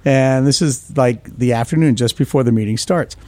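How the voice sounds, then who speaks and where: A man, an orthodontist guest on a podcast interview, telling lively stories and acting out what others said. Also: medium pitch, moderate pace, no room sound. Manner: animated anecdotes, acts out quoted voices.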